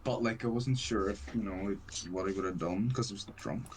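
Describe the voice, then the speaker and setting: A man's voice: lowish voice, a little fast, slight background noise. A man chatting on a casual live stream, telling a story in a rambling way with lots of "like". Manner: rambling storyteller, many fillers of "like".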